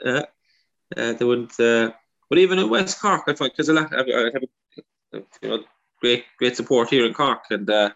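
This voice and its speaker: A man's voice: medium pitch, normal speed, creaky, a bit bright, highs cut off. A man with a Kerry accent, a comedian chatting loosely as an interview guest, trailing into restarts and "you know". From Ireland. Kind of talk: casual interview chat.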